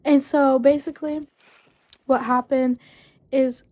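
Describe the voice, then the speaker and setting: Woman doing a storytime vlog, slow and hesitant, lots of ums, slightly high voice. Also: little pitch movement, dark tone, no room sound. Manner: halting, full of fillers like "basically" and "um". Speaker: storyteller vlogger. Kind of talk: casual storytime.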